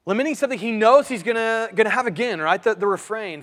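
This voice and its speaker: A man's voice: high voice, lively intonation, a little fast, few pauses, a bit bright, in a large hall. A man preaching a sermon as pastor, earnest, often repeating his words, his voice rising and dropping with emphasis. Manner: earnest preaching, repeats phrases, voice rises and drops.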